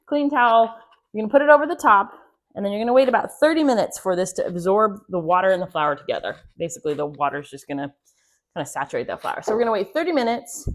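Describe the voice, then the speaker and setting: A woman's voice: mid-range voice, a bit bright. A chatty woman gives a casual cooking demonstration in her home kitchen, joking and laughing at herself as she works. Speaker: homestead host. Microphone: clip-on mic.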